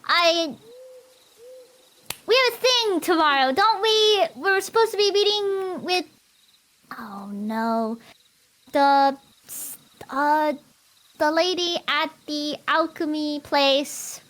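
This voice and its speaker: A woman's voice: sits high, expressive, slow, long pauses, fairly bright tone. A woman playing a tabletop game, chatting casually and often trailing off in a flustered way.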